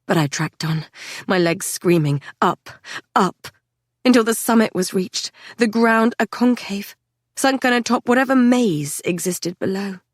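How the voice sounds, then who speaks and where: A woman reading a dark fantasy novel aloud in the first person, intense and measured. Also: mid-range voice, no room sound, clean studio sound. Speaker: audiobook narrator. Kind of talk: dramatic first-person audiobook narration.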